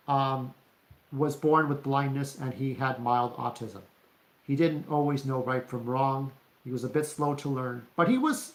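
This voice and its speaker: A man delivering a rambling, profane rant to camera as a vlogger, often checking in with "okay?". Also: mid-range voice. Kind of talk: ranting monologue to camera. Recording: roomy echo.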